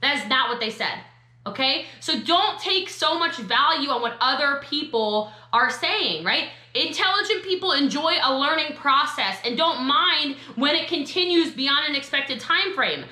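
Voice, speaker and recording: Woman, high and bright voice, sassy motivational trainer, echoey room. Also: lively intonation. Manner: sassy, emphatic, quick asides. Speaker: network marketing trainer.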